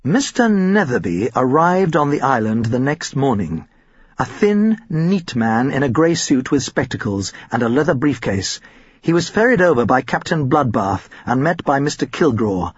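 A man narrating an audiobook in an expressive storytelling manner with a husky voice. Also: medium pitch, moderate pace, no echo, dull audio.

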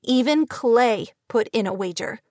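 A woman's voice: a little high, animated, a little slow, darkish tone, dry recording. A woman voicing a young schoolteacher near tears, sobbing and raising her voice, in an audiobook reading. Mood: upset, tearful. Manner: tearful, sobbing, raised voice.

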